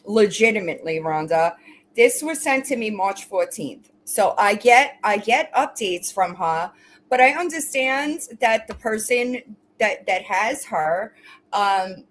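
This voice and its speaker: Woman, casual livestream chat, blunt and mocking, swears a lot, mid pitch, faint hiss behind. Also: poor audio. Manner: blunt, mocking, profane toward commenters; gushing baby talk to pets. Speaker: livestream host.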